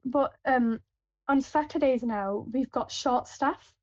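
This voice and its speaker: A woman's voice: high voice, slow pace, a little mellow, dry recording. A woman working on supermarket tills, chatting casually with a rambling manner full of fillers and restarts. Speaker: supermarket till worker. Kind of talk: casual anecdotal chat. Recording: dull, lo-fi, dry.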